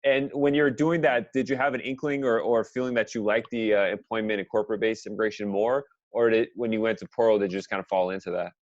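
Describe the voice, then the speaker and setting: A man's voice: fairly low pitch, fairly even intonation, fast, hardly any pauses, highs cut off. A man hosting a legal podcast, talking casually with many fillers as he interviews a guest. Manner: friendly, filler-heavy, chatty. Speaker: podcast host.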